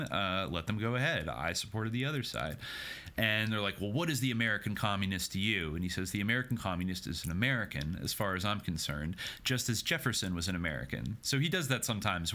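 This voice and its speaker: A man co-hosting a history podcast in casual chat, retelling events with lively acted-out quotes. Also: lowish voice. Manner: animated retelling, acts out quoted exchanges in raised voices. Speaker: podcast co-host.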